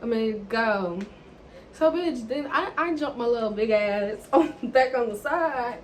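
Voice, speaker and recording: Young woman vlogger, kinda high voice, chatty n cussing a lot, lots of "like". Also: measured pace, a little hiss or hum, rough recording. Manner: animated, profane, chatty with lots of "like". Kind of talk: casual storytime.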